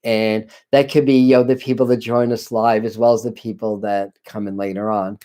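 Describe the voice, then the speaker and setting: A man hosting a spiritual channeling live stream from a dim room at home, talking casually in halting phrases with frequent restarts. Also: fairly low pitch, little pitch movement. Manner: halting, many restarts and apologies, soft laughs. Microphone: computer camera live stream.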